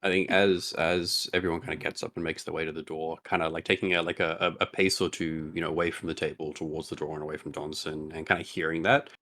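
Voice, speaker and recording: A man with a deep voice narrates what his character does at a tabletop game. He hedges and fills his sentences as he goes. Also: level tone, quick pace, few pauses, a bit bright. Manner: hesitant, many hedging fillers. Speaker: player.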